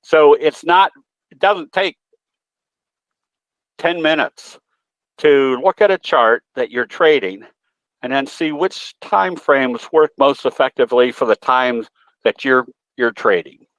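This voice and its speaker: A man's voice: medium pitch, takes it slowly, pauses often, fairly bright tone, no room sound, muffled recording. A man presenting in a webinar, talking in a folksy, rambling way with many filler sounds. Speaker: guest presenter, trading educator. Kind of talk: webinar talk with a folksy anecdote.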